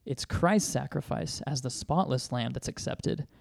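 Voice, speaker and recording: A man's voice: medium pitch, unhurried, vocal fry, no room sound, clean studio sound. A man co-hosting a podcast, explaining a point of faith and checking in with the others as he goes. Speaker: podcast co-host. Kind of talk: casual faith discussion.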